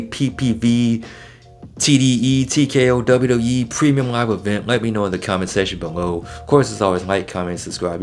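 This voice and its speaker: A man reviewing a wrestling event in a casual video, excitable and slangy, getting worked up as he talks. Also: lowish voice.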